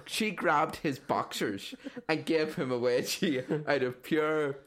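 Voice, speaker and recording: A man's voice: on the high side, slow, fairly bright tone. A man telling rambling stories on a casual podcast, swearing and tagging "right?" onto sentences. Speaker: podcast co-host. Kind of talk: casual storytelling chat.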